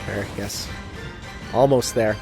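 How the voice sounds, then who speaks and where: A man's voice: on the low side, slow pace, a little mellow, faint music behind. Rambling man sharing game trivia. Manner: rambling trivia, many fillers like "like". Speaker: co-commentator. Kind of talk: casual gameplay commentary.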